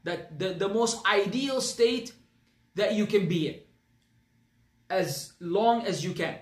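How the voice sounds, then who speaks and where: A man's voice: high voice, slow, echoey room. A man with an Arabic accent teaching a religious class, speaking earnestly and emphatically, often repeating his phrases. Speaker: Islamic teacher.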